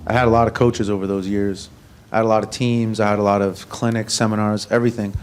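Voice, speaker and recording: A man's voice: lowish voice, little pitch movement, fast talker, smooth. A man in his thirties from the congregation, sharing a story casually, with fillers. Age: 30s. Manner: conversational, with fillers. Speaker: congregation member. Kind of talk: casual testimony.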